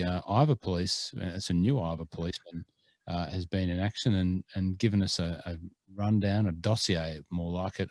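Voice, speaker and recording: Deep-voiced Australian man, rambling chat. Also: darkish tone, dry recording. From Scotland. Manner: rambling, many fillers and restarts. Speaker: podcast co-host. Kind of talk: casual chat.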